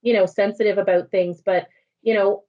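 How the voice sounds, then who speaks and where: A woman panelist from Nova Scotia with an Acadian accent in her French, speaking earnestly with many pauses and ums. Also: mid-range voice, fairly even intonation, lo-fi sound. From Nova Scotia, Acadian community. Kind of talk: panel discussion.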